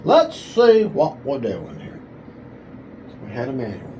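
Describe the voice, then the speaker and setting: Slow-talking man unboxing a model plane. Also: medium pitch, wildly swooping pitch, a little mellow, a little hiss or hum, low-quality recording. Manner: thinking aloud, self-correcting, enthusiastic. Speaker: RC hobby video host. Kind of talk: casual unboxing commentary.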